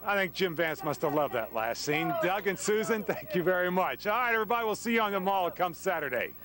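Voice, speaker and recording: A man anchoring a live TV sports segment outdoors, lively and joking with his guests. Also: high-pitched, fast.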